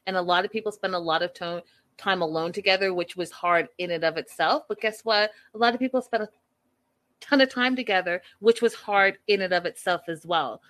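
A woman's voice: lowish voice, a bit bright. A woman hosting a reaction show in casual commentary, speaking emphatically and with exasperation, repeating her points.

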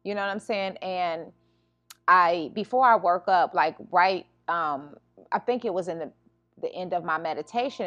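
A woman with a slightly low voice talks earnestly on her self-help podcast, circling back with "you know" and restarting her sentences. The dry, slightly dull recording sits close, with faint music underneath. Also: moderate pace, a bit bright, dry recording. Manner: earnest, repeats "you know what I'm saying", many restarts. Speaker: podcast host and life coach. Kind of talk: casual spiritual self-help monologue.

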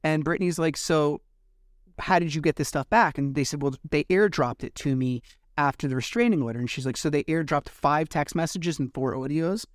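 A man with a slightly high voice, talking a little fast, hosts a podcast recap in studio-quality, echo-free sound. His casual monologue is lively, with acted-out dialogue and the occasional swear.

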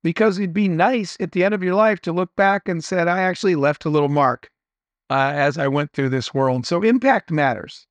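A middle-aged man with a notably high voice speaks as an interview guest, earnest and anecdotal as he shares motivational lessons. The sound is dry and close, with no room around it. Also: normal speed, dry recording. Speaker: entrepreneur guest. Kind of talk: conversational interview storytelling.

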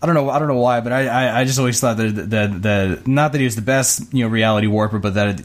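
A man's voice: medium pitch, fast. A man on a podcast panel speaking hesitantly, repeating himself as he hunts for words. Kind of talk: casual podcast chat.

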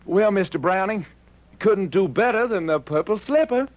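An actor playing a joking, easygoing police lieutenant with a teasing drawl, in 1940s radio acting. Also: male voice, high-pitched, expressive, moderate pace. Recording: dull vintage radio recording.

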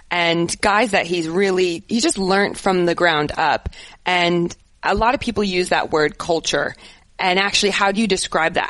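A woman's voice: on the low side, fairly bright tone, no room sound, low-quality recording. A woman football coach talking with enthusiasm and care in a casual interview. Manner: enthusiastic, earnest, laughs easily.

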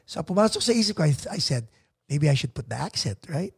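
A man's voice: fairly high pitch, big pitch swings, fast, creaky, breathy edge, no echo, clean studio sound. A middle-aged man with a Filipino accent, hosting a casual podcast chat, switching between Tagalog and English and laughing at himself. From Philippines. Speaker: podcast host.

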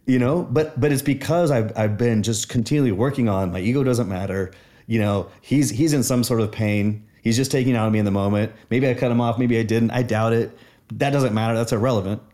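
A man's voice: medium pitch, fairly quick, warm tone. A man in casual conversation, sharing personal stories in an earnest, reflective way.

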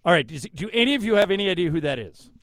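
Lively male podcast host, dry studio sound. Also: sits high, rapid-fire, no room sound. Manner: game-leading, quizzing co-hosts. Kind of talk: casual sports podcast chat.

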